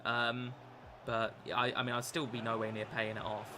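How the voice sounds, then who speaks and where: A man's voice: medium pitch, little pitch movement, moderate pace. Young man, casual streamer chat, rambling, audible background noise. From England. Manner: rambling, chatty, many fillers and restarts. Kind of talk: casual live-stream chat while gaming.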